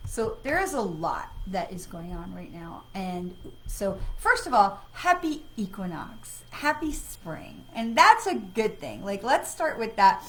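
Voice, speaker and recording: A woman's voice: medium pitch, sing-song, a little slow, a bit bright, slight background noise, poor audio. A woman hosting a livestream as a psychic medium, chatting casually and rambling with many fillers and restarts.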